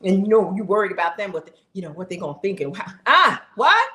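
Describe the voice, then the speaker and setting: A woman in her fifties vlogs straight to her viewers, casual, heartfelt, chatty, and emphatic. Her voice is lowish and a little mellow, at a quick pace, and the recording has a roomy echo.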